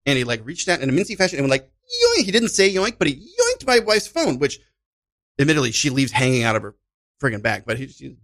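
Animated man telling a story. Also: mid-range voice, quick pace. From Chicago. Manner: animated storyteller, acts out voices and sounds. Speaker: podcast guest, improviser. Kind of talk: casual storytelling chat.

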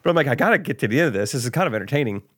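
A man's voice: mid-range voice, very fast, no echo, studio quality. A young man, a podcast co-host and stand-up comedian, telling stories in a casual chat and acting out voices from his shows. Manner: animated, acts out crowd voices.

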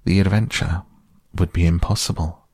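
A man's voice: deep voice, steady tone, dark tone, no room sound, clean studio sound. A man voicing a bossy, self-important male rabbit who lays out plans solemnly in a storybook reading. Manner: brisk, solemn and self-satisfied.

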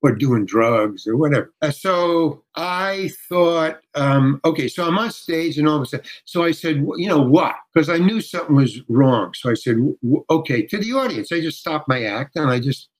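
An older man from the United States, a comedian telling a rambling, halting anecdote as an interview guest. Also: on the high side, expressive, poor audio. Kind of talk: conversational storytelling.

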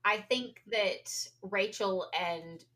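A woman's voice: medium pitch, slow, sharp tone. Wry woman podcast co-host. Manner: wry, restarts phrases. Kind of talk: casual chat.

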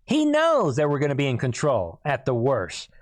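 A man with a hoarse voice hosts a commentary monologue, often stopping to clear his throat. He talks emphatically and keeps calling out to his listeners as "people". His voice sits at an ordinary middle pitch, recorded dry with no room sound. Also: wildly swooping pitch, moderate pace, no room sound. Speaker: host.

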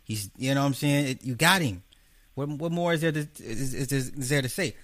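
A man's voice: medium pitch, brisk, a bit bright, no room sound. A man hosting a livestream, wrapping up a debate in a blunt, profane, rambling way. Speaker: host.

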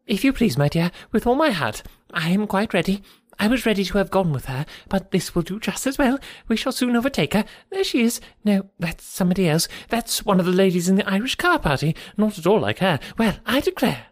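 A man voicing a fussy, chattering elderly aunt who rambles on breathlessly in a high voice. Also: big pitch swings, brisk, few pauses. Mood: fluttery.

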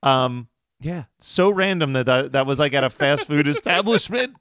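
Philly guy in his 30s, casual podcast co-host, smooth tone, rambly and giggly. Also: a little high, expressive, moderate pace, fairly bright tone, dry recording, clean studio sound. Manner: rambling, laughs as he recaps. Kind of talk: casual chat.

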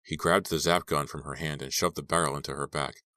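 Very deep-voiced male audiobook narrator. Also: steady tone, a little fast, pushed and bright, dry recording, studio quality.

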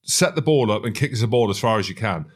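A man's voice: on the low side, expressive, fast. A man hosting a sports podcast, enthusiastic and teasing in casual banter. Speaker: podcast host.

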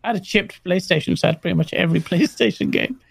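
A man with a London accent and a gravelly, fry-edged voice co-hosts a casual stream. He talks eagerly and repeats himself, and the sound is dry and close. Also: sits high, fast talker, no room sound. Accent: London English. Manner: enthusiastic, laughs often, repeats himself. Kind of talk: casual live-stream chat.

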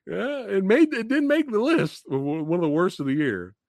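Male reaction-stream host, swings wildly in pitch, unhurried, cursing, dry close mic. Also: no room sound. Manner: profane, animated, laughing and booing. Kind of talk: live stream trailer reaction.

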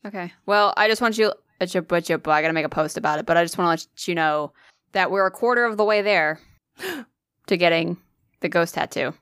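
A woman's voice: lowish voice, fairly quick, fairly bright tone, smooth, no room sound, studio quality. A woman co-hosting a podcast in casual chat, teasing and reacting with disbelief. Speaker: podcast co-host.

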